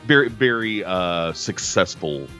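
A man's voice: low-pitched, expressive, unhurried, bright, forceful tone, faint music behind. A man chatting casually on a podcast, rambling with lots of fillers. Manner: rambling, full of fillers and restarts. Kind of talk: casual chat.

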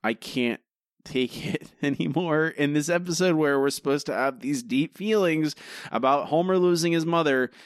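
A man co-hosting a podcast, chatting casually in an animated, exasperated way and laughing often. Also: a little high, moderate pace, dry recording. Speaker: podcast co-host. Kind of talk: casual chat.

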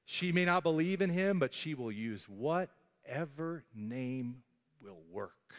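A man's voice: on the high side, expressive, slow pace, big-room sound. A male pastor preaching a sermon, telling the story with animation and acting out the voices of the people in it.

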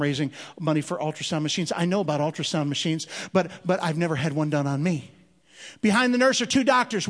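A man telling a comic story to a church audience, with animated, drawn-out delivery. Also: high-pitched. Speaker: comedian. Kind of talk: stand-up storytelling. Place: church hall. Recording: long reverb of a large hall.

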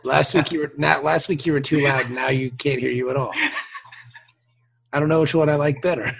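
A man's voice: a little high, steady tone, brisk, vocal fry, slight background noise. A male podcast host in casual chat who teases his co-hosts and laughs often.

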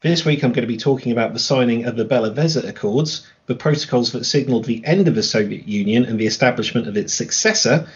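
A man co-hosts a podcast, reading the opening and laying out his topic in a measured, plain manner. His voice sits in a middle pitch, and the recording sounds a bit muffled. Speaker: podcast co-host. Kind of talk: scripted podcast introduction.

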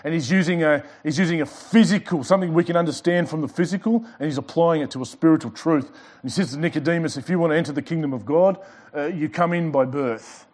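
A male pastor preaching a sermon to a church congregation. He swings between loud emphasis and quiet passages, with light joking asides. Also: on the high side, fast talker. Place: church service before a congregation.

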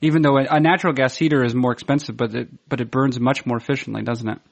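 A man co-hosting a podcast in casual, joking chat, needling his friend with questions and fast asides. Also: medium pitch, fairly even intonation, vocal fry. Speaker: podcast co-host.

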